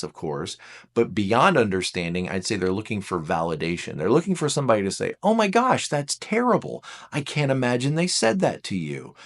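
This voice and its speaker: Animated man explaining relationships. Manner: animated, acts out quoted speech with big pitch jumps; self-deprecating asides. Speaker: teacher. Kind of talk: casual explanatory talk.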